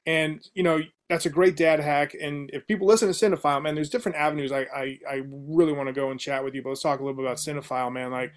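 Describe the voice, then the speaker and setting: A man's voice: a little high, fairly even intonation, fast, few pauses. A man hosting a podcast interview, enthusiastic and casual, peppering his questions with "like" and "man". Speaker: podcast host. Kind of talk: conversational interview.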